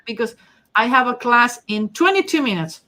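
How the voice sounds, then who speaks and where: A woman's voice: on the high side, very animated, normal speed, bright, forceful tone. A woman with a strong non-native accent hosts a casual live session. She chats loosely, reads out viewer comments and answers them as she goes. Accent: non-native English. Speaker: host and face-reading teacher. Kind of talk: casual live-stream talk.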